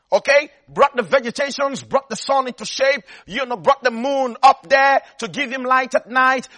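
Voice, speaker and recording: A man preaching in a strikingly high voice with a bright, forceful edge. He hammers his points through repetition and keeps stopping to ask whether his listeners are following him. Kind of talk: sermon.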